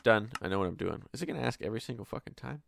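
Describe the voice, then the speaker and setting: A man's voice: fairly low pitch, lively intonation, rapid-fire, gravelly, a bit bright, slight background noise. A man hosting his own gameplay channel, chatting casually and swearing freely, his voice tired from many takes. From Canada. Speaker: gaming channel host. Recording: faint background music.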